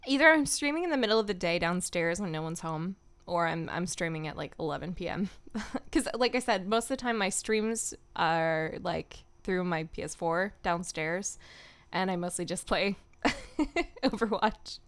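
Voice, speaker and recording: A woman's voice: fairly low pitch, lively intonation, normal speed, fairly bright tone. A young woman, a voice actor, chatting casually on a home stream in a playful, rambling way with giggly asides.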